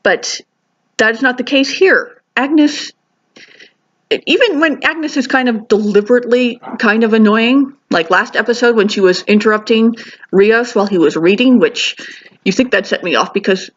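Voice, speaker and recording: A woman's voice: on the high side, moderate pace, muffled recording. A woman giving a casual spoken review of a TV episode, chatty and enthusiastic, with frequent restarts and asides.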